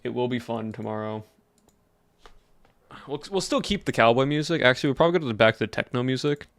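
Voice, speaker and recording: A man's voice: medium pitch, lively intonation, fast talker, vocal fry, fairly bright tone, no room sound. A young man streaming a game, chatting casually and rambling to his chat. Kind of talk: casual livestream chat while gaming.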